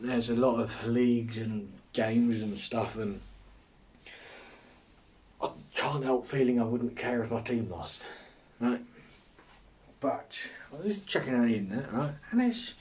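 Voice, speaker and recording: A man's voice: mid-range voice, darkish tone, distant mic. An English man hosting a podcast, rambling through a casual comic monologue, swearing and mocking himself as he goes. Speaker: podcast host.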